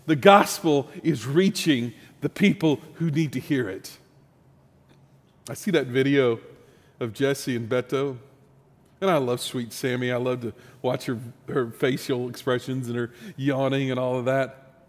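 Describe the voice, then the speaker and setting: A middle-aged Texan pastor with a mid-range voice preaches a sermon at an unhurried pace, his words trailing into long reverb. He tells stories animatedly, building emphasis and restarting as he goes.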